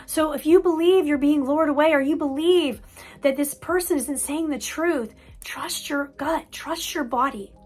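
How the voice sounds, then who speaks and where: An earnest woman counselor explains parenting lessons in an emphatic way, often repeating a word for weight. Her voice sits high in the female range. Faint music plays softly underneath. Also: measured pace. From United States. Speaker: mental health counselor. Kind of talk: parent-coaching talk.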